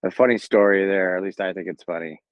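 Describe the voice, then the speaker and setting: Man, Southern Californian accent, low voice, rambling casual storytelling, lots of fillers, dull lo-fi audio. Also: steady tone, quick pace, no room sound. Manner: rambling, laid-back, many fillers and restarts. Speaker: Marine Corps veteran telling his story. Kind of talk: casual first-person storytelling. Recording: dull lo-fi, dry sound.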